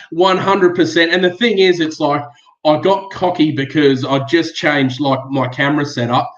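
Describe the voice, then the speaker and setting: A man's voice: on the high side, steady tone, normal speed. An Australian man as a podcast guest, chatting easily and laughing often. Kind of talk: casual chat. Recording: echoey, muffled remote audio.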